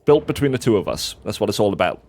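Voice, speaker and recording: A man's voice: lowish voice, expressive, quick pace, a little mellow. Chatty, teasing man hosting a stream. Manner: chatty, teasing, with stammered restarts. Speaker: game streamer host. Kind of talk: casual let's-play chat.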